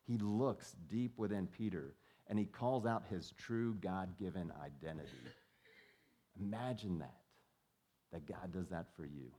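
A man's voice: deep voice, a little slow, dark tone, breathy edge. A male pastor preaching in a conversational way and often putting questions to the congregation. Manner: conversational, asks the listeners questions. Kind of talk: sermon.

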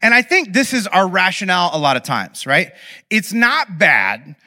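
A man preaching a sermon, telling a self-deprecating story in an animated, humorous way to an audience in a large hall. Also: high-pitched, a little fast. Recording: long hall reverb.

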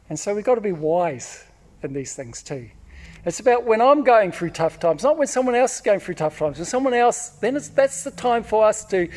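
Delivering a sermon, a pastor whose voice sits high recounts personal stories energetically, dramatizing shouts and repeating words often.

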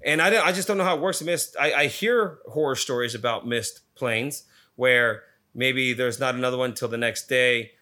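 A man's voice: medium pitch, normal speed, pushed and bright. A man casually telling a story, swearing constantly and retelling it with energy.

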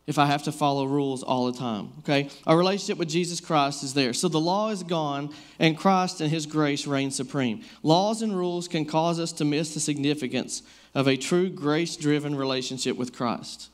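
A man in his thirties preaching a casual sermon, telling personal stories in a loose, conversational way full of fillers. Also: fairly high pitch. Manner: conversational, storytelling, many fillers like "like".

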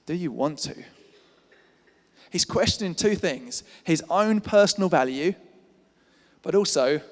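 A man preaching a sermon in a casual, conversational way, often repeating words as he builds his points. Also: a little high. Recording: church hall reverb.

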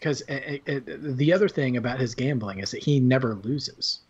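A man's voice: medium pitch, normal speed, husky. A man co-hosting a podcast, chatting casually about a film in a rambling way with many fillers and restarts. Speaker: podcast co-host. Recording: dull lo-fi sound.

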